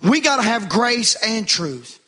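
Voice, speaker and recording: A man's voice: high voice, big pitch swings, measured pace, pushed and bright, husky. A middle-aged man preaching a sermon, calling out to the congregation with rising fervor.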